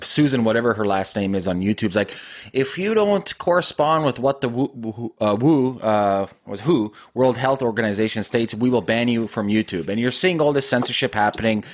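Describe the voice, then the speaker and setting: A man hosting an interview podcast, earnest, stumbling over restarts as he makes his point. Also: on the low side. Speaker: podcast host. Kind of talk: interview conversation.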